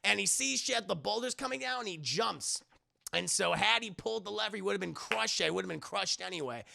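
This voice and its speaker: A man's voice: sits high, lively intonation, a little fast, vocal fry, bright, forceful tone. A man reviewer giving a loose, profane, casual recap of an episode and acting out the scenes for his stream chat. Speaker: show reviewer.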